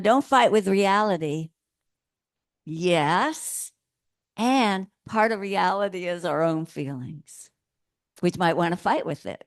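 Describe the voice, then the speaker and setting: A woman minister giving a sermon in a gentle, playful way, laughing often. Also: lowish voice, no room sound, studio quality.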